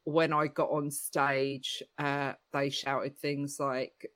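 A woman comedian telling a story in casual chat, jumping up high and squeaky whenever she acts out what people said. The sound is dry and close, with no room behind her. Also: level tone, slow pace, fairly bright tone, dry recording. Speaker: comedian guest.

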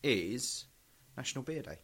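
A man's voice: medium pitch, big pitch swings, measured pace, fairly bright tone. A man co-hosting a podcast in sweary, rambling casual chat. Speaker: podcast co-host.

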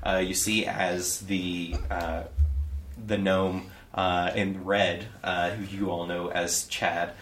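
A man's voice: sits low, flat delivery, slow, fairly bright tone, slight background noise. A man narrating as game master in a loose, casual way with many fillers. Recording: echoey room from far off.

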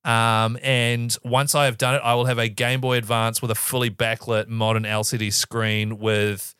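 A man's voice: medium pitch, little pitch movement, normal speed, a bit bright, clean tone, no echo, studio quality. A man co-hosting a casual podcast chat, telling a long story eagerly and rambling from point to point. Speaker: podcast co-host.

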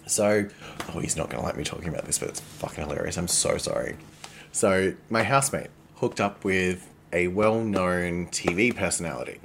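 A man's voice: low voice, moderate pace, vocal fry, a bit bright, a little hiss or hum. A man co-hosting a podcast, chatting frankly and animatedly, swearing freely and laughing often. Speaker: podcast co-host. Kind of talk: casual, frank chat.

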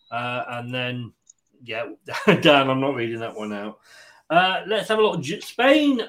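A man's voice: fairly high pitch, a bit bright, low-quality recording. A man hosting a casual football prediction chat, joking, laughing often and reading out listener picks. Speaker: podcast host.

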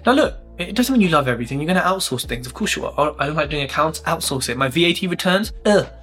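A man's voice: fairly high pitch, lively intonation, rapid-fire, sharp tone. A man giving a motivational vlog monologue, talking bluntly, rambling, and swearing casually. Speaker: vlogger.

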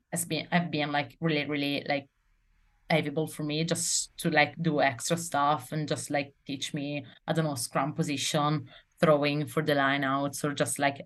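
A young Italian woman with an accent from northern Italy, speaking English as a second language in a casual interview, halting with many fillers and restarts. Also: deep voice, fairly bright tone. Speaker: guest rugby player.

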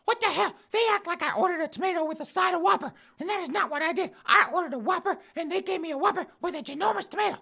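Guy doing a squeaky old lady in her 70s, bossy and indignant, voice way up high. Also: fast, vocal fry, few pauses, pushed and bright, heavily acted. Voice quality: screechy, ranting. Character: shrill, indignant old woman, seventies, bossy.

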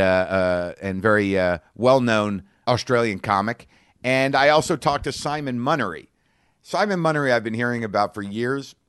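A man's voice: medium pitch, fairly bright tone, clear, resonant tone. A man hosting a podcast, wry and self-deprecating, talking in loose, rambling bursts. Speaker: podcast host. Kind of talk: candid podcast talk.

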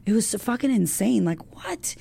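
A woman in her thirties, a women's coach, talking as a guest in an animated, emotional way, full of fillers and the odd swear word. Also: medium pitch, moderate pace, gravelly, slightly rough. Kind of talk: casual chat.

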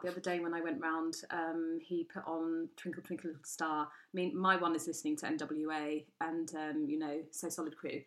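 A middle-aged woman tells a comic story in casual chat. Her delivery is animated and exasperated, and she acts out everyone else in it with gusto. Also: low-pitched. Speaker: podcast co-host.

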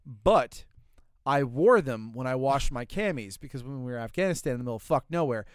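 A man trading crude jokes and war stories with his buddies in a relaxed podcast chat. His voice is smooth and clear. It sits close to the mic with no room sound. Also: mid-range voice, a little fast, no echo. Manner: crude, joking storyteller. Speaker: podcast co-host, Marine veteran. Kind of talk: casual banter.

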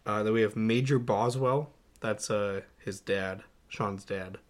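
A man's voice: on the low side, a little slow. Chatty young man reviewing a movie. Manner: animated, laughs often, lists notes with many "uh"s. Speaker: podcast co-host. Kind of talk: casual movie-review chat.

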